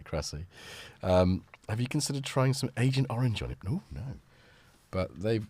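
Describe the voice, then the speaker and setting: Brief: deep-voiced man hosting a relaxed home-studio livestream, rambling and animated, dry close sound. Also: normal speed, no echo. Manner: rambling, chatty, full of restarts and laughs. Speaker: livestream host. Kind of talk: casual livestream chat.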